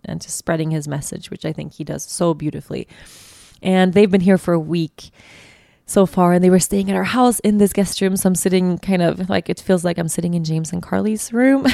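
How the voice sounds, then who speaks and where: Reflective woman with a low, gravelly voice. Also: warm tone, dry recording, studio quality. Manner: reflective, heartfelt, with frequent restarts. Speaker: podcast host. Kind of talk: casual solo podcast monologue. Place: guest bedroom, sitting on a bed.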